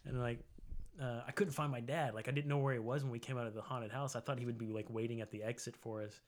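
A man in his forties from Tennessee, co-hosting a podcast and telling a story in loose casual chat, full of "like" fillers, jumping into a high voice for quotes. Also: steady tone, fast. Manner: rambling, lots of "like" fillers, acts out quotes in a high voice. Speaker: podcast co-host.

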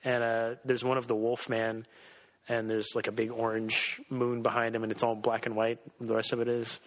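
A man co-hosting a podcast in casual chat, talking excitedly with many restarts. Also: medium pitch, moderate pace, low-quality recording. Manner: excitable, lots of fillers and restarts. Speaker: podcast co-host.

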